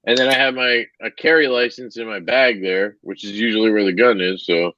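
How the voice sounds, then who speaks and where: A man's voice: on the low side, fairly even intonation, brisk, sharp tone, dull audio, slight background noise. A man chatting loosely on a podcast, joking and swearing as he talks. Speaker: podcast co-host. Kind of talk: casual podcast chat.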